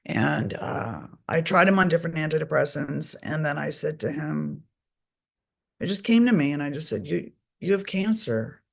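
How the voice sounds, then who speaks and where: A middle-aged woman, a guest author and recovery advocate, tells her story openly and bluntly, swearing often. Her voice sits low and gravelly, with big pitch swings at a normal speed.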